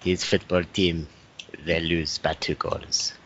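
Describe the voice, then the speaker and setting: A man's voice: sits low, flat delivery, slow, a bit bright, breathy edge, pitched below the performer's own voice, full character voice. A man voicing a snooty male French commentator in a put-on French accent, mocking and haughty, on a dull lo-fi recording. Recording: dull lo-fi sound.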